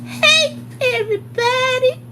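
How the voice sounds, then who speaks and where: A woman's voice: very high-pitched, noisy background, voice pushed up. Woman putting on a bubbly valley-girl teacher. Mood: cheery greeting. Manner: drawn-out sing-song greeting.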